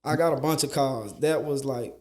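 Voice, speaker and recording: A man's voice: mid-range voice, normal speed. A man who coaches basketball, telling stories in a casual interview and repeating phrases for emphasis. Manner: animated storyteller, repeats phrases for emphasis, slangy.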